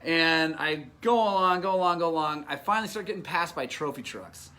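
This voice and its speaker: A man in his thirties hosting a show, telling a long personal story in a casual, animated way and laughing often. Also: on the high side, a little fast. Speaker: podcast host.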